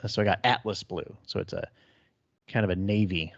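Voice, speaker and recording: A man in his thirties co-hosting a podcast, chatting casually, blunt and quick to swear. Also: fairly low pitch, vocal fry, no echo, lo-fi sound. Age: 30s. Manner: blunt, profane, swears freely. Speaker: podcast co-host. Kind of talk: casual chat.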